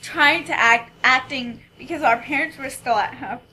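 A woman's voice: high voice, moderate pace, crowd noise, low-quality recording. A woman, chatting casually with an old friend, laughing often and chiming in to finish his stories. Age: 20s. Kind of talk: casual chat.

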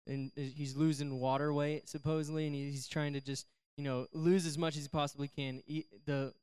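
A man's voice: fairly high pitch, little pitch movement, moderate pace, a little mellow, clean tone. Upbeat young man preaching to youth. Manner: chatty, joking, slips into silly voices for characters. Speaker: youth pastor. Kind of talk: casual youth sermon with storytelling. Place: church youth service before a live group.

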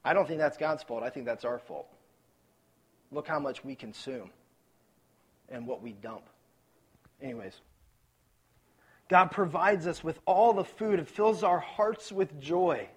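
A man from Ohio preaching a sermon, telling stories in a lively, joking, conversational way. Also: a little high, measured pace, long pauses, husky. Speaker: pastor.

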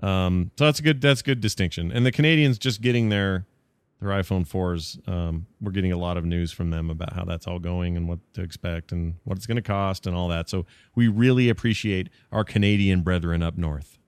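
A podcast host with a lowish voice, recorded close and dry with no room sound. He rambles along in a joking way, full of quick asides. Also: steady tone, clean tone, no echo. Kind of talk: casual chat.

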